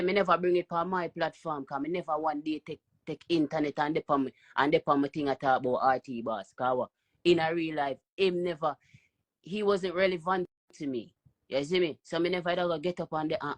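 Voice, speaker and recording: A Jamaican man taunting and ranting loudly on a live stream. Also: fairly high pitch. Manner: loud, taunting, repetitive. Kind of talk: heated live stream rant.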